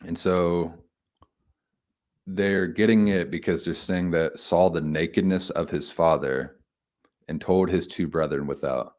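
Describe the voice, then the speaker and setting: Guy with a really low voice talking thru a bible passage, kinda halting, thinking out loud. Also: fairly even intonation. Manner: reflective, halting, thinks aloud with restarts. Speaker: homily speaker. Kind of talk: informal Bible commentary.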